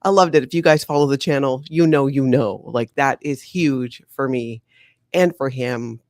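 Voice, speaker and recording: A woman hosting a casual livestream, chatty and animated, laughing often. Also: extremely low pitch, unhurried, no echo, studio quality. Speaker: livestream host.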